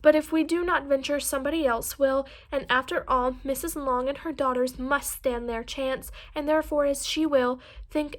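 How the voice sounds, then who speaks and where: A wry, teasing older gentleman father, read by a woman in a period storybook. The voice sits high and bright for the part, with a dry, lightly mocking way of speaking. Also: fairly even intonation, normal speed, close to an everyday voice.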